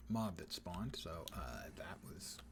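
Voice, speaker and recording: A man's voice: low voice, big pitch swings, slow pace, background noise. A man streaming a game, commenting casually with dry sarcasm and playful wordplay.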